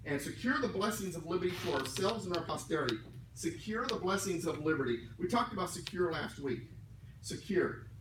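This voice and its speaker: A man lectures a class in a conversational way, breaking ideas down word by word and tossing in joking asides. His voice sits a little high. The sound is roomy and distant, with faint hiss underneath. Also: animated, fairly quick. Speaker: class instructor. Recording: echoey room miked from afar.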